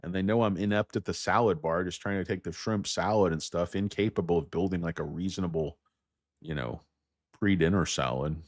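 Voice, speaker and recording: Casting note: very low-pitched male host, crude and self-deprecating, rambles off topic, close dry mic. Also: a little fast, no echo. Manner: crude, self-mocking, riffs into jokey tangents; rattles off stock moves in a flat list. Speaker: stock market show host. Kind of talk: rambling casual market chat.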